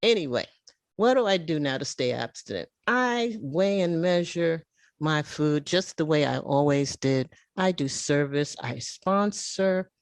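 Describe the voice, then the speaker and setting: Lively woman in her seventies. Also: low voice, unhurried, no echo. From United States. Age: 70s. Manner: animated, emotional storytelling. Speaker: meeting speaker. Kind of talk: personal recovery share. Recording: video call audio.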